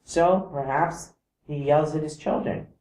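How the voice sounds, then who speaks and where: A man giving a calm explanatory talk to camera. He mimics vibrations by singing short "da" syllables. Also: on the high side, measured pace, reverberant, slight background noise, rough recording. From outside Iceland.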